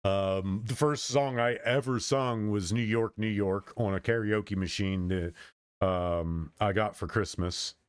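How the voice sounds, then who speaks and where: Low-voiced man rambling casually. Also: steady tone, unhurried, clear, resonant tone, no room sound, studio quality. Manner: meandering, with frequent restarts and trailing off. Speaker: streamer.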